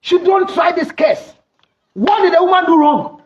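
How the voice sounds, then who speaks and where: A middle-aged man with a Ghanaian accent, a counselor hosting an advice talk show, speaking loudly and teasingly with sudden shouts. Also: extremely high pitch, expressive, moderate pace. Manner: loud, teasing, breaks into shouts and acted quotes. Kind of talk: animated advice talk mixing English and Twi. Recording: dull lo-fi recording.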